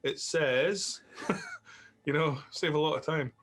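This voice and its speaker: Higher-voiced man joking on a movie commentary. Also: wildly swooping pitch, slow pace, a bit bright. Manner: joking, teasing. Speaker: film editor on a commentary track. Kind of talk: casual commentary chat.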